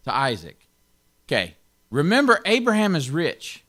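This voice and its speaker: Slow-talking man leading a Bible study. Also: medium pitch, animated, a bit bright. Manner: repeats and stresses key words, chuckles often. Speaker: pastor teaching a Bible study. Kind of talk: informal Bible teaching.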